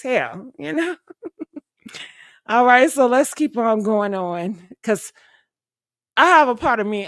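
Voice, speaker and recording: A woman's voice: mid-range voice, a bit bright, smooth, no room sound, studio quality. A young woman streamer chatting casually and loosely to her viewers, rambling with fillers and laughter. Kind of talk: casual live-stream chat.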